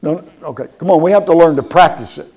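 A man preaches a sermon in a slightly high, slightly mellow voice at a fast pace. He is emphatic, repeating words for stress and putting questions to the congregation.

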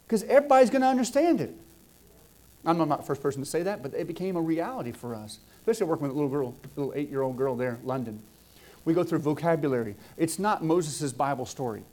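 A middle-aged man from Southwest Georgia delivers a sermon in a mid-range voice. He builds his phrases up with emphasis, then drops into soft asides.

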